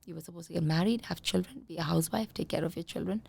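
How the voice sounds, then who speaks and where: Woman coaching in a gravelly voice. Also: fairly low pitch, racing. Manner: calm, coaching tone, acts out parents' voices. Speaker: conscious parenting coach, guest. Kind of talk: podcast interview.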